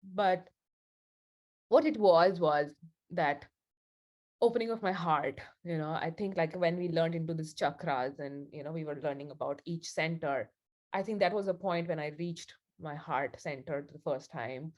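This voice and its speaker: A woman's voice: low voice, normal speed, darkish tone. A woman leading a spiritual group session, telling a story in a chatty, casual way with frequent laughs. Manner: chatty, laughs often, many fillers like "like".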